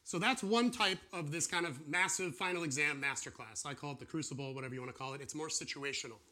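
Bright-voiced animated male preacher. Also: a little high, fast talker. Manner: animated, acts out voices of God and listeners. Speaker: pastor or church teacher. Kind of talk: informal sermon to a class.

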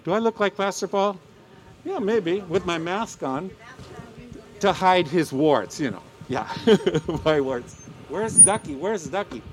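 A man's voice: high voice, takes it slowly. A chatty man joking with a congregation and calling the children up. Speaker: church member leading kids. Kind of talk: casual church talk.

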